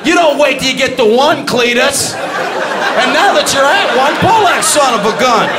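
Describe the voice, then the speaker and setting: A man doing a stand-up comedy routine on a club stage, ranting, shouting punchlines and bantering with the crowd. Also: extremely high pitch, very noisy. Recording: live club with loud audience laughter. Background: crowd laughing.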